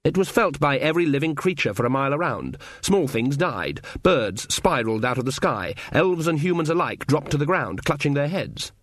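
A man's voice: fairly high pitch, dry recording. Man narrating a fantasy audiobook. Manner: measured, even storytelling. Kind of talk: scripted narration.

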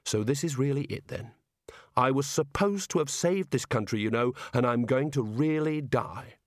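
A man's voice: mid-range voice, lively intonation, moderate pace, no room sound, voice pushed up, lightly acted. A nervous, bitter wizard speaks in a tight, raised voice, as a male narrator puts him on. He sounds sardonic and gloomy. The recording is dry and close, as in an audiobook. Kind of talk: audiobook character voice.

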